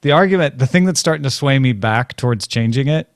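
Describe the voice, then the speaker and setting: A man's voice: medium pitch, quick pace, no echo. Dry-voiced man bantering casually. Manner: relaxed, wry banter with laughs. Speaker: podcast host. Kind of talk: casual chat.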